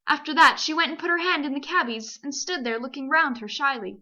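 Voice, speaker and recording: A woman from Canada reading a children's novel aloud in a lively, expressive way. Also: high voice, fairly quick, few pauses, muffled recording. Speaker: amateur audiobook reader. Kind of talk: storybook narration.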